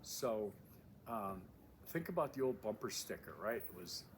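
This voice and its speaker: A man's voice: on the low side, expressive, measured pace. A man, a course instructor, introducing his class in a casual recorded video from a windy outdoor overlook. He talks emphatically, repeats his key phrases and uses many fillers. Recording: wind noise outdoors. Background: wind.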